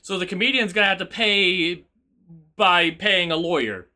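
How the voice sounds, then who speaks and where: High, bright-voiced male streamer. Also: normal speed. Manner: animated, rambling, teasing. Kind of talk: casual game-stream chat.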